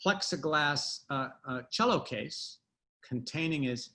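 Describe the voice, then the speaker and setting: A man who wrote a book, from the United States, answering at length in an interview with emphatic pauses and restarts. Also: fairly high pitch, lively intonation, pushed and bright. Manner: emphatic, drawn-out, many restarts. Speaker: podcast guest, author.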